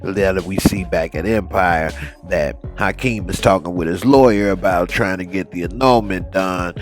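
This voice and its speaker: A man casually recapping a TV episode in loose, informal speech, briefly mimicking the characters. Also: low voice.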